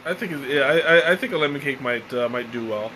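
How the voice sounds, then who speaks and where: A tired, relaxed man hosting a live tea-tasting stream, chatting casually and rambling with lots of fillers and restarts. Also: medium pitch, fast talker, noisy background. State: tired and mellow. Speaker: tea livestream host.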